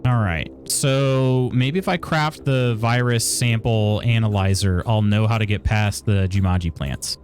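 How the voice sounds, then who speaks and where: A man's voice: lowish voice, unhurried, hardly any pauses, darkish tone, faint music behind. Chatty man streaming a game. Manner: chatty, reads chat aloud, frequent chuckles. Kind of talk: casual live-stream chat while gaming.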